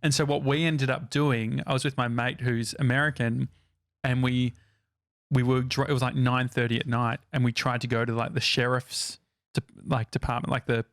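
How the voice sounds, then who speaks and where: A man's voice: medium pitch, flat delivery, normal speed, fairly bright tone, no room sound. Here is an Australian man with a mid-range voice, telling loose, meandering stories and restarting his sentences. The sound is close and dry, with no room sound. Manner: rambling, self-correcting anecdotes. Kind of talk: casual podcast chat.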